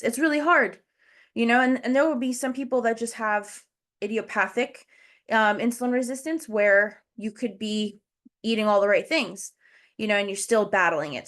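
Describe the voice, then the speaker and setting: A woman's slightly high, fairly bright voice comes through as she hosts a casual educational livestream on a video call, sounding breathless. Chatty and explanatory, she goes step by step and talks right to her viewers in the chat.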